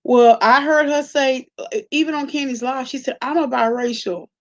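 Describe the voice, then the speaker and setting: Woman, sassy live-stream host, blunt, slightly high voice. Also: steady tone, normal speed, dull audio. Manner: sassy, blunt, talks straight to chat. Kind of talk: casual live-stream commentary.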